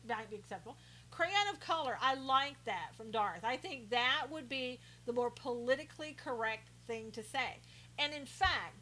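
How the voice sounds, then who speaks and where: A woman's voice: fairly high pitch, pushed and bright, rough recording. A woman hosting a live stream, chatting casually and sarcastically as she reads out viewer comments, often laughing.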